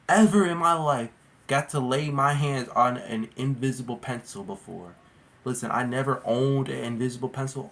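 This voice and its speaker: A man's voice: medium pitch, fairly bright tone. A man casually telling a storytime vlog, rambling and slangy, full of "like" and "bro". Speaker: vlogger.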